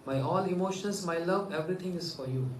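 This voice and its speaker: A man from India gives an earnest, gentle devotional talk and voices the people in his story. His voice sits a little high, and he is picked up from a distance in an echoey room with faint ambient noise behind him. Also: fairly quick. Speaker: spiritual teacher.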